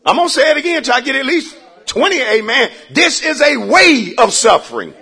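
A man preaching in church, calling out for the congregation to answer back. His voice sits very high and sounds husky, and it swings widely as he climbs into shouts. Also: big pitch swings, brisk. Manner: preaching with rising shouts and repeated calls for response. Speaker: pastor. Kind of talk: call-and-response sermon.

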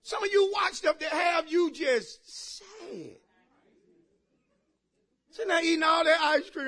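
High, bright-voiced preaching man. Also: expressive, takes it slowly, pauses often. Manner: shouting preaching with sudden drops to quiet asides; joking and laughing with the congregation. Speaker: pastor. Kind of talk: sermon. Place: church.

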